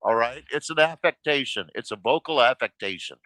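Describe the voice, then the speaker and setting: A man on a call-in panel, lecturing and scolding in a forceful, repetitive way. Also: mid-range voice, expressive, brisk, no room sound, rough recording. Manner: lecturing, forceful, repeats himself. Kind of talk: heated panel argument.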